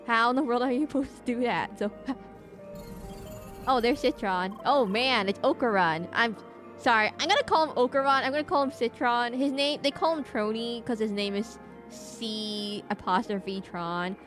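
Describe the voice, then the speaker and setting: A woman's voice: a little high, moderate pace. A woman streaming a video game, chatting casually and ranting in a playful, overdramatic way, with faint game music under her voice. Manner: animated, playfully overdramatic rants. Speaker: VTuber streamer.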